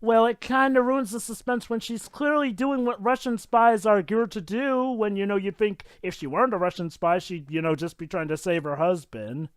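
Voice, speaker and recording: A man talking over a film in a casual group commentary, rambling, questioning the plot and quick to object. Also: high voice, clean tone, dry recording, clean studio sound. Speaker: podcast co-host.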